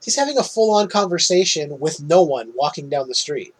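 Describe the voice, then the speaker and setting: A man's voice: high voice, animated, quick pace, hardly any pauses, husky, rough recording. A man casually recapping a film's ending as a podcast host, chatty and often laughing.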